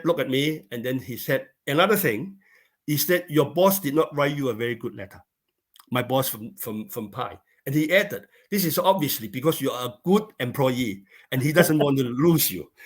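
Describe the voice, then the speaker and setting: Speaking as a guest in an interview, a middle-aged man from China tells a story from his own life, leaning heavily on filler words and repetition. His voice runs on the high side with a fairly bright tone.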